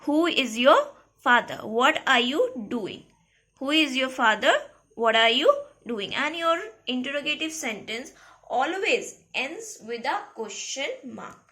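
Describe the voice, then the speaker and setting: A woman teaching a grammar lesson to a school class, repeating key phrases and checking in with "okay?" and "clear?". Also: high-pitched, sing-song, unhurried, bright, forceful tone.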